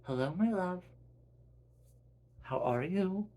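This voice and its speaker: A man voicing a gentle, affectionate mother who speaks fondly and calmly. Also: high-pitched, takes it slowly, pitched above the performer's own voice.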